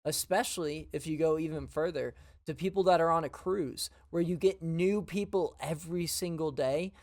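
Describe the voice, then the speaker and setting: A young man co-hosting a casual podcast, laid-back, laughing along and explaining things calmly. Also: on the high side, normal speed. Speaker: podcast co-host. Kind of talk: casual chat.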